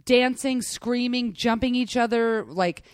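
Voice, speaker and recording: A woman's voice: fairly high pitch, a little slow, clean tone, no echo, clean studio sound. Chatty woman talking soccer casually. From United States. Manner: chatty, animated, self-interrupting. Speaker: podcast co-host. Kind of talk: casual sports chat.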